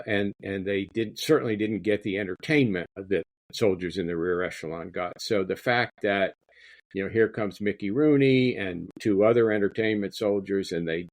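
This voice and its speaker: A man's voice: low voice, no echo. A man, an author being interviewed, talking in a rambling way and often repeating his words. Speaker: guest author. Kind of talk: interview conversation.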